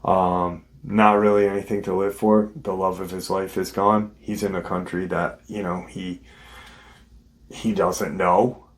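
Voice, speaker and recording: A man's voice: sits low, flat delivery, unhurried. A man hosting his show, casually retelling a witness's story in a conversational way. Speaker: host.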